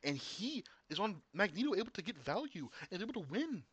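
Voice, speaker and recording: A man casting an esports match, excitable, often repeating and restarting words, his voice getting worn. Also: sits high, a little fast, breathy edge, dry recording, lo-fi sound. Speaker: esports caster. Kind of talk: casual esports commentary.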